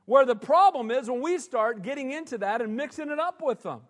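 A man's voice: very high voice, lively intonation, brisk. A male pastor preaching a sermon in a conversational style, often asking the congregation "amen?". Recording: long hall reverb.

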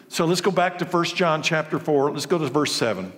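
A man's voice: fairly high pitch, animated, a little fast, hardly any pauses, big-room sound. A man preaching a sermon as pastor, speaking emphatically and repeating his key phrases for weight.

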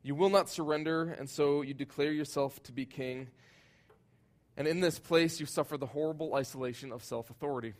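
A man preaching a sermon, earnest and emphatic, his voice swelling loud at high points and sinking soft and low at others. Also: brisk. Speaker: pastor.

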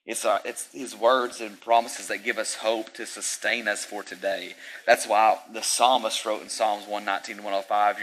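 A male pastor preaches with a forceful, bright-edged voice that sits lower than most men's. He repeats key phrases in emphatic bursts and breaks into casual asides to the congregation. A faint noise sits under the voice. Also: poor audio. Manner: conversational asides. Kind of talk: sermon.

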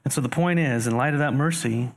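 A male pastor delivering a sermon to his congregation at a middle pitch. He reads scripture aloud and breaks off to explain it. His voice jumps up for emphasis and for questions put to the listeners. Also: fast talker. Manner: animated, rising sharply for emphasis and rhetorical questions; addresses congregation directly.

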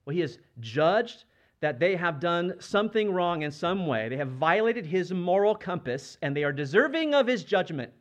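A man's voice: high-pitched, sing-song, moderate pace, highs cut off. A man preaching a sermon as a pastor, speaking conversationally and asking the congregation rhetorical questions. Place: church.

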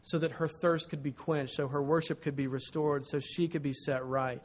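A man preaching a sermon as pastor, animated and storytelling, acting out what people said. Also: a little high, normal speed. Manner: storytelling, animated, acts out quotes.

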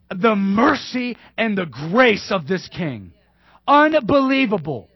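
A male pastor preaching a sermon emphatically, repeating key phrases and dropping to hushed asides. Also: high-pitched, big pitch swings, slow pace, slightly rough, dry recording. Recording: dull dry lo-fi sermon recording.

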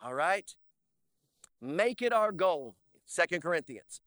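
A male pastor delivers a lively sermon, his voice pitched high and bright. He mixes playful asides with slow, drawn-out emphasis on key points. The sound is dry and close, with little room echo. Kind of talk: energetic sermon. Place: church sanctuary.

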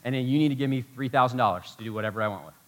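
Quick insistent demanding wife, put on by a male preacher mid-sermon. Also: mid-range voice, fairly bright tone, close to an everyday voice.

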